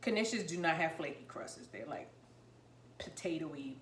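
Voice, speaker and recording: A woman's voice: low voice, sing-song, moderate pace, roomy sound, a little hiss or hum. Chatty woman eating on camera. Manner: chatty, rambling, enthusiastic about food; talking while eating, mouth full. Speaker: cooking vlogger. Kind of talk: casual cooking vlog, tasting on camera.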